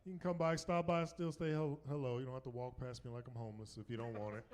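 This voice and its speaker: This middle-aged Southern U.S. comedian keeps a steady, slightly mellow tone while moving fast through his club set. Quoting others, he leaps into high, mocking voices.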